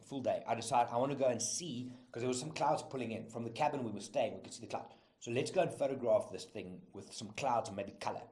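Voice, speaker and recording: Middle-aged South African host, casual storytelling monologue, animated and profane, mid pitch. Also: male voice. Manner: animated, profane, laughs often. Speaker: podcast host.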